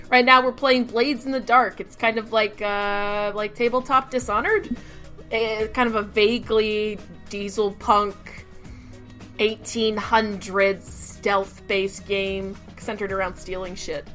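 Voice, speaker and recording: A woman with a high, very bright voice co-hosts a casual podcast. She talks with enthusiasm, swears freely and restarts her sentences often. Faint music plays under the recording. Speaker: podcast co-host. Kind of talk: casual chat.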